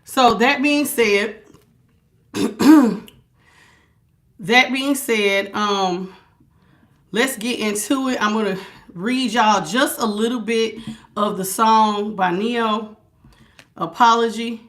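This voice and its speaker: A woman's voice: fairly high pitch, slow, pauses often. A woman hosting a tarot reading stream in a chatty, laughing way, out of breath. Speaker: tarot reader. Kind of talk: casual livestream talk.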